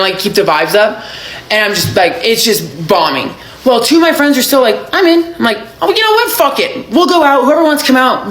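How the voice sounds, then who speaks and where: A woman with a hoarse voice telling a casual, profane storytime, acting out what people said. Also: medium pitch, echoey room, low-quality recording. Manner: profane, animated, acts out quotes. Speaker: storyteller vlogger.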